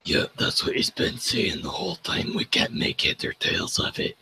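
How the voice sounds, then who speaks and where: A man's voice: very high-pitched, wildly swooping pitch, normal speed, sharp tone, a little hiss or hum, pitched above the performer's own voice, full character voice. A man voicing a male adventurer in a tabletop game, talking in a puzzled, offhand way.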